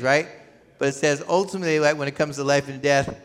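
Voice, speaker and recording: A male pastor with a somewhat high voice preaches to his congregation. He keeps asking them questions and waiting for a reply, repeating words as he goes. A long reverb trails each phrase, as in a large church hall. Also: fairly even intonation, fast talker, fairly bright tone. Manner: asks the congregation questions and waits for answers. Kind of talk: sermon.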